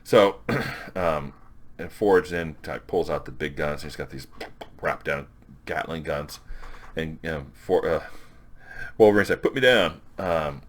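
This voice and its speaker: A man giving a casual, rambling review of a comic issue, recapping scenes and quoting characters' dialogue. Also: rumbling low. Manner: rambling, with restarts and quick quoted dialogue.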